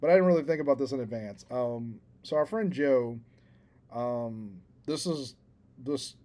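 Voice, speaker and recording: A man co-hosts a casual podcast, telling a story at length. His voice is mellow and relaxed, and he mocks himself and laughs along as he talks. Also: medium pitch, measured pace. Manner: rambling storyteller, self-deprecating, laughs at himself. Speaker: podcast co-host. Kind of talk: casual chat.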